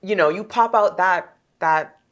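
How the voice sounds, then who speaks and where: A woman's voice: on the low side, unhurried. A woman from Jamaica with a standard North American accent, a podcast guest speaking in an articulate, reflective and candid way. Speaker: guest, travel journalist. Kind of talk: casual conversational interview.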